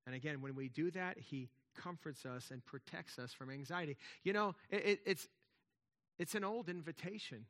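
A man's voice: fairly high pitch, moderate pace, fairly bright tone. A man preaching a sermon in a conversational way, with emphatic swells and frequent restarts. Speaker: pastor.

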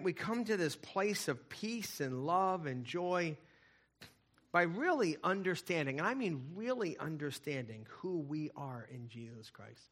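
A middle-aged man preaching a sermon, telling stories and swinging between loud emphatic lines and hushed, quiet ones. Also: a little high. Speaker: pastor.

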